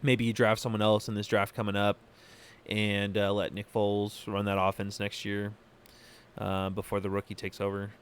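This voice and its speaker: A man hosting a podcast from California, giving opinionated solo commentary in a halting way, full of fillers and restarts. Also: on the low side, completely flat delivery, slight background noise. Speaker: podcast host.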